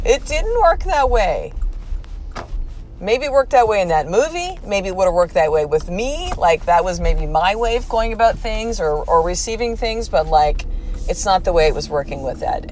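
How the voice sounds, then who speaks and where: A woman hosting her own podcast, telling a story in a casual, animated way, swearing freely and calling her listeners sister. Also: mid-range voice, slight background noise, poor audio. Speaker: podcast host and coach. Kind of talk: casual solo podcast monologue.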